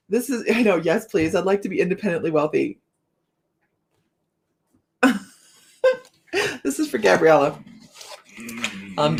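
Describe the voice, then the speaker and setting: A woman's voice: fairly low pitch, slight background noise. A woman hosting a live tarot stream, chatting casually with viewers, greeting them by name and laughing often.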